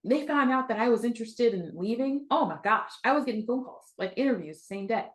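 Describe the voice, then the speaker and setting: A woman business coach telling a story in a masterclass talk, animated, acting out what others said and laughing often. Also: fairly high pitch, brisk.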